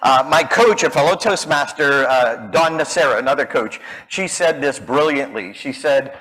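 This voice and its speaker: A man giving a storytelling talk as a public speaking coach, lively and acting out the people in his stories. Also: medium pitch, normal speed, few pauses, slightly rough, low-quality recording. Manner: animated, acts out quoted voices.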